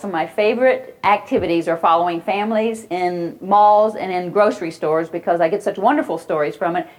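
A woman giving a parenting lecture, telling anecdotes and acting out children's cries and voices along the way. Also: lowish voice. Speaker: parenting educator.

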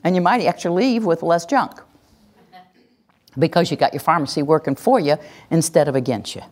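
A woman's voice: deep voice, brisk, darkish tone. A middle-aged woman teaching a parenting workshop, acting out what parents and children say and laughing often. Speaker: parenting instructor.

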